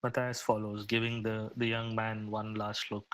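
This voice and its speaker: A man describing his character's actions as a player in a tabletop game, measured and a little hesitant. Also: on the low side, monotone, a bit bright, low-quality recording.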